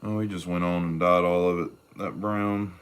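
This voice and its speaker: A man working leather during a livestream, talking in a low-key, matter-of-fact way about his work. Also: steady tone, normal speed, smooth. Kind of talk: casual workshop livestream.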